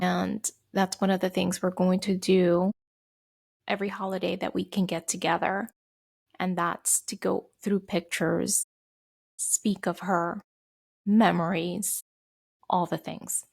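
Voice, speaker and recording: A middle-aged woman hosting a podcast, speaking heartfelt and gently advising on self-care. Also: on the low side, little pitch movement, takes it slowly, creaky. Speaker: podcast host. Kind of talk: personal self-care talk.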